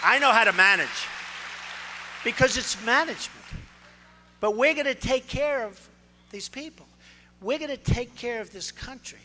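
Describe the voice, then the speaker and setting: A man's voice: very high voice, normal speed, long pauses, sharp tone, some chatter behind, a little hiss or hum. A man in his sixties giving a campaign speech in a large hall, boastful and repetitive, punching out short phrases. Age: 60s. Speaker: political candidate. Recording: reverberant hall with faint ambience.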